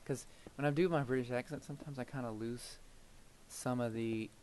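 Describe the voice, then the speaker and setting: A man narrates his own gameplay in a casual, meandering way, jumping between stories and laughing and using fillers often. His mid-range, slightly mellow voice keeps a fairly even intonation at normal speed. A little hiss or hum sits under the recording of this gameplay video creator.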